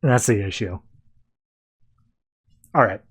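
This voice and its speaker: A man's voice: lowish voice, unhurried, breathy edge. Laid-back man rambling a comic recap. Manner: rambling, loose, quotes characters offhandedly with "like". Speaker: podcast host. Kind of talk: casual comic book recap and review.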